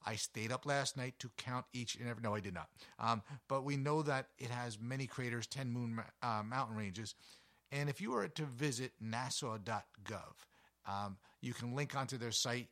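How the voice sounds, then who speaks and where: A man hosting a casual educational show, explaining science with jokes, quick self-corrections and rhetorical questions to the listener. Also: mid-range voice. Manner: jokey, self-correcting, lively teacher tone. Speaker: host of an educational podcast.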